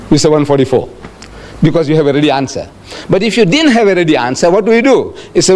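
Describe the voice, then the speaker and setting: An older Islamic lecturer with a South African accent gives a public religious lecture in a fairly high, sing-song, slightly mellow voice, talking a little fast. He is emphatic and repeats phrases, acting out quoted speech.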